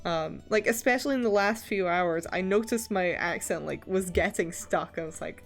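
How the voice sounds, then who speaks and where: A woman's voice: fairly low pitch, normal speed, vocal fry, faint music behind. A young woman from Scotland who streams, chatting casually while she draws and laughing often between sentences.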